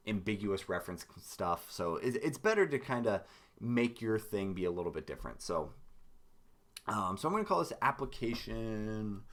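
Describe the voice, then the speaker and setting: Male live-coding tutor, low, raspy and hoarse, low energy, lively up-and-down pitch, rambling and hesitant. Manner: rambling, hesitant, many ums and restarts. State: hoarse with a cough, lower energy. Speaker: game dev streamer.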